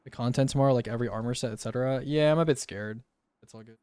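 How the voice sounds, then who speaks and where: Talking very fast on a live stream, a young man keeps things loose and slangy, frequently calling people "bro." His ordinary male voice sounds darkish, clear and resonant, and the dry, close recording has almost no room sound or echo.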